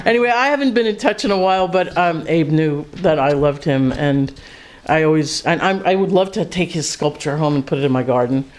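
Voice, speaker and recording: A middle-aged woman speaking casually at a memorial, halting with fillers and frequent laughter. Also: sits low, a little mellow.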